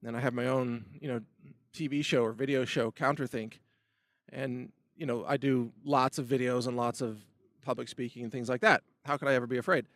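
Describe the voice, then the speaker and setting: A man's voice: medium pitch, steady tone, brisk, a bit bright, no room sound, clean studio sound. A middle-aged man hosting his own show, giving an emphatic opinion monologue that rambles with restarts and asides. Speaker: host of a video commentary show.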